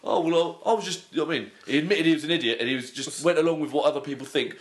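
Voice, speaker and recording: A man's voice: fairly high pitch, rapid-fire, fairly bright tone. A man ranting bluntly and swearing through a casual podcast chat. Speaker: podcast co-host. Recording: roomy echo.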